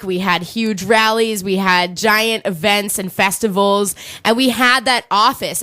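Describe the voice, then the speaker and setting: A woman's voice: mid-range voice, fairly bright tone. A young woman co-hosting a talk radio show, chatting with passion about activism. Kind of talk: casual talk radio chat.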